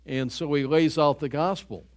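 A man's voice: on the high side, normal speed. An older man preaching a sermon to his church in an earnest, conversational way, often restarting his phrases. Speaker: pastor.

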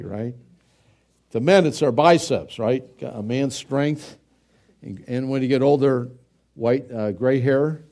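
A man's voice: medium pitch, a little mellow. A middle-aged male pastor preaching a sermon in a conversational way, with frequent fillers and restarts.

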